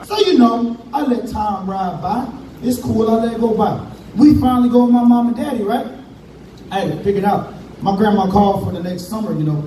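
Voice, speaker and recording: High-voiced man doing stand-up. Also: fairly quick, dark tone, a little hiss or hum. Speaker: stand-up comedian. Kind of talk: stand-up comedy set. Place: comedy club stage. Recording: echoey room from far off, crowd.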